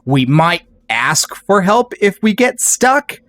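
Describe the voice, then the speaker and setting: A man's voice: high-pitched, big pitch swings, slow pace, fairly bright tone, no echo. A man casually chatting on a live game stream, rambling and greeting viewers in chat. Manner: rambling, reads out chat names.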